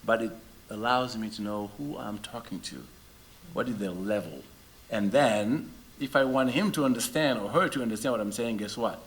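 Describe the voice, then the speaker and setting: A middle-aged Senegalese man, a musician whose first language is not English, chatting with a live audience between songs, animated and full of rhetorical questions. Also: fairly low pitch, normal speed, a little hiss or hum.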